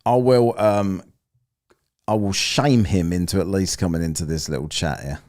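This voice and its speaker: A man's voice: low voice, normal speed, darkish tone. A man giving mocking, profane commentary over a live stream, laughing at the people he watches. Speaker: streamer reacting to a debate.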